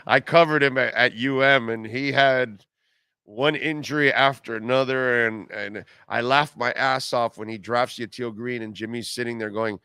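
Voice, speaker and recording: A man's voice: medium pitch, steady tone, moderate pace, pushed and bright, clean tone, no room sound, clean studio sound. Sarcastic man ranting on sports radio. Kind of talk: live sports talk show. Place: car dealership live broadcast.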